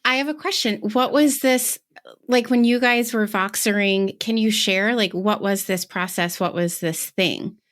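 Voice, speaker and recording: A woman's voice: medium pitch, unhurried, a bit bright. Upbeat woman hosting a podcast. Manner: upbeat, laughs along, jumps in with questions. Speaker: podcast host. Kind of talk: casual interview.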